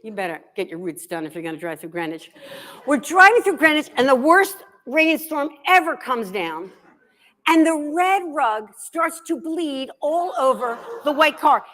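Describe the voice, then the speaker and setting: A lively woman in middle age holds forth as a guest author, joking at her own expense. Her slightly high voice swings up and down as she spins comic stories for a live audience. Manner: animated, joking, self-deprecating. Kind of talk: comic storytelling talk. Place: live library event.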